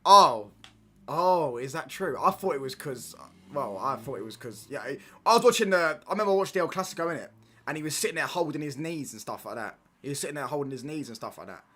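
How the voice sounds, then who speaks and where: A man's voice: fairly high pitch, expressive, quick pace, fairly bright tone. A young man chatting casually on a football watchalong stream, reading chat and bantering in slang with stop-start restarts.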